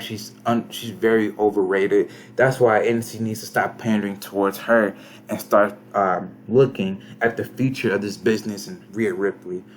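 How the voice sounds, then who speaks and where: Casual young male game commentator, lowish voice, easy slang, faint room hum. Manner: laid-back, slangy, reads scores aloud. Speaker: gaming commentator.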